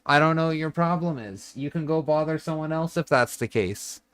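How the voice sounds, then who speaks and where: On a desk microphone at home, a young man streams a building game, bluntly rambling, swearing a lot, and talking to both his chat and his cat. His voice sits on the high side, fairly bright and clean, at normal speed. The sound is clean studio quality with no room sound.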